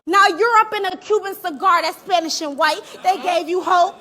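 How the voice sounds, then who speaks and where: A woman performing a live battle rap, taunting her opponent with aggressive, shouted punchlines. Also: very high voice, moderate pace. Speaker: battle rapper. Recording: live event with crowd behind.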